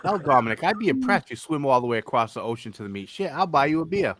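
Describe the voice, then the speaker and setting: A man's voice: medium pitch, very animated, fast talker, a bit bright. A man on a casual group call, teasing and joking about a friend. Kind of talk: casual chat.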